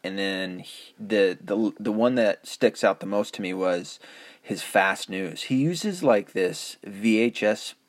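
A man's voice: lowish voice, no room sound. A middle-aged man hosting a podcast, rambling through a casual solo monologue with lots of swearing, chuckles and self-mocking asides. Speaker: podcast host.

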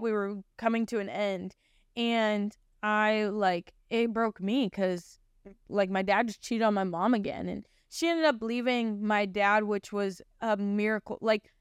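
A woman's voice: on the high side, smooth, dry recording, clean studio sound. A young woman in her twenties hosting a podcast and telling a personal faith testimony in a rambling, chatty way, full of fillers and earnest feeling. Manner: rambling, filler-heavy storytelling; earnest and emotional. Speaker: podcast host. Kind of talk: personal testimony, casual chat.

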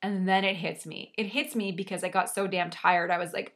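A woman's voice: on the low side, steady tone, brisk, hardly any pauses, fairly bright tone. A woman telling a personal story with dramatic, self-mocking exaggeration and some mild swearing. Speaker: storyteller sharing a personal anecdote.

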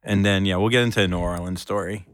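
Low-voiced man telling a rambling story. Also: fairly even intonation, fast talker, no echo, studio quality. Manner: rambling, laughs often while telling a story. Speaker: podcast co-host. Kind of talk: casual storytelling chat.

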